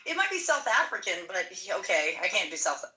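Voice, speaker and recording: A woman's voice: mid-range voice, sing-song, fairly quick, pushed and bright. A woman teasing and laughing in casual chat with friends. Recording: echoey, distant from the mic.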